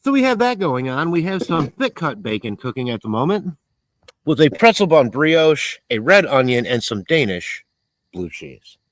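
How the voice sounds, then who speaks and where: A man's voice: mid-range voice, big pitch swings, moderate pace, dry recording. A middle-aged man hosts a casual live stream, cooking and chatting away while he reads out viewer comments. His voice swings up and down a lot, and he is recorded close and dry, with no room sound.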